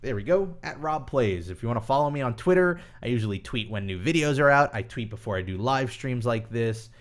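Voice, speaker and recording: A young man with a medium-pitched, expressive voice hosts a casual live stream, reading viewer questions aloud. His answers ramble in a chatty way, full of pauses and fillers.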